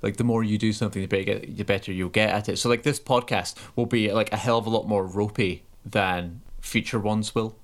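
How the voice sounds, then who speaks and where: Man, low pitch, podcast co-host, reflective, lots of filler words. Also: fairly even intonation, a little fast, hardly any pauses. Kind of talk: casual chat. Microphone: call recording on laptop.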